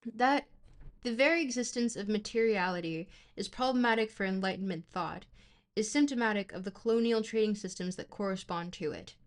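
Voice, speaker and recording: An American woman streams a read-aloud of heavy philosophy. Her voice sits at an ordinary middle pitch. She reads slowly and carefully, tripping now and then on long words before pushing on. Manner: careful, halting reading with stumbles on hard words. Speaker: streamer reading a book aloud.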